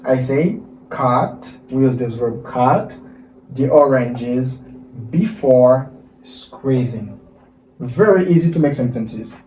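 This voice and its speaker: Male English teacher, slow repetitive drilling, echoey far-off mic with faint hiss. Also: medium pitch, animated, darkish tone. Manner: slow drilling, repeats words and asks for repetition. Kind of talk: vocabulary lesson for Haitian Creole and French speakers. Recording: roomy, distant mic with faint noise.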